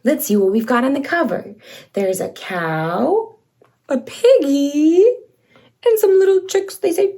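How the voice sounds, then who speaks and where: A woman hosts a toddler learning video, reading aloud in an exaggerated sing-song with gasps, cheers and animal sounds. Her high voice is expressive and warm, and she takes her time.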